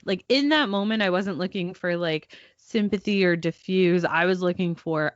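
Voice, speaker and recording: A woman's voice: on the low side, moderate pace, few pauses, no echo, lo-fi sound. A young mother co-hosting a podcast, telling a family story casually and acting out her child's voice. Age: young adult. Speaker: podcast co-host. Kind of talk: casual chat.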